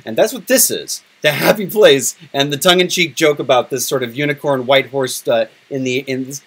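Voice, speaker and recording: A man's voice: mid-range voice, moderate pace, fairly bright tone, husky. A middle-aged man hosting a podcast in casual chat, candid and emotional, swearing freely. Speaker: podcast host.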